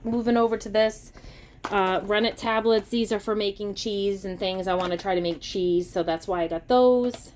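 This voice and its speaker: A middle-aged woman with a Massachusetts accent, chatting casually about a grocery haul and getting excited over bargains. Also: mid-range voice, moderate pace, a little hiss or hum. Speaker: vlogger.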